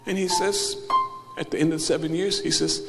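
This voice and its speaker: A man preaching a sermon as a bishop, acting out the people in his story and swinging from hushed asides to loud cries. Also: on the high side, fairly even intonation, moderate pace, gravelly. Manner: acts out biblical characters, swings from hushed to shouting. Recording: live hall with loud music behind.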